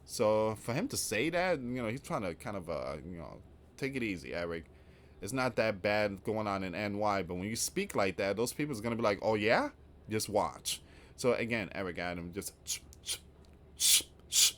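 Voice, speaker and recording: A man's voice: lowish voice, animated, fairly quick. A man hosting an online news channel, reading out reports and then commenting on them in a rambling, informal way.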